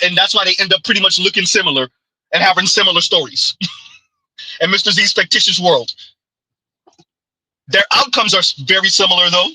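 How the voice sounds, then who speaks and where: A man's voice: sits high, sharp tone, no echo, rough recording. A man, giving an opinionated commentary monologue with emphatic call-outs and rhetorical asides. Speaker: commentary vlogger.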